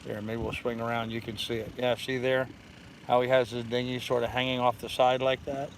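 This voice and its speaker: An older man hosting a relaxed livestream from his sailboat in a harbor, rambling easily and reading viewer comments aloud. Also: mid-range voice, a little fast, a little hiss or hum, rough recording. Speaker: vlog host. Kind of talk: casual livestream chat.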